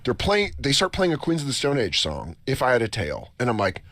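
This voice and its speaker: This American talk show host speaks in a mid-range voice at a brisk clip, spinning a lengthy, foul-mouthed yarn. He plays the characters himself, doing their voices with lively energy. Soft music sits underneath the radio broadcast.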